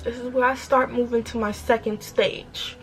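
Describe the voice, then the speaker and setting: A woman in her twenties with a New York accent, telling a storytime vlog in an animated, emphatic way with rhetorical questions. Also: a little high, normal speed. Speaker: vlogger.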